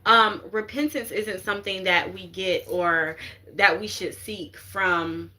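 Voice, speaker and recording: A woman's voice: mid-range voice, steady tone, slow pace, pushed and bright. A woman spiritual reader talking casually and animatedly to viewers, swearing freely, laughing often and dropping in "you get what I'm saying" asides. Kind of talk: casual livestream talk.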